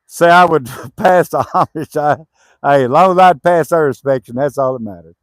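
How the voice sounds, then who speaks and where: A man's voice: a little high, moderate pace, dry recording, clean studio sound. A man working on his homestead cabin, chatting casually, laughing easily and calling to his dogs. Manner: easygoing, laughs often, calls to dogs. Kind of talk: casual chat while working.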